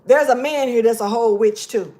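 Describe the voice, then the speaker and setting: Woman tarot reader, blunt, cussing, emphatic, fairly high voice, faint background hiss. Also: brisk. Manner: blunt, profane, emphatic, drops to mutters. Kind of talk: casual tarot reading vlog.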